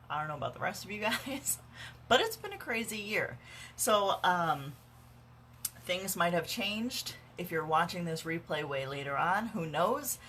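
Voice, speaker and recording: A woman vlogs from home into her phone, walking viewers through how she runs her sales parties. Her voice sits a bit low but sounds bright and forceful, with a dry, sarcastic edge and plenty of "um"s and "right?"s. A faint hum sits under the recording. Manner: sarcastic, dry humor, chatty with many fillers. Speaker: direct sales consultant. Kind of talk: casual instructional vlog. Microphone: phone camera.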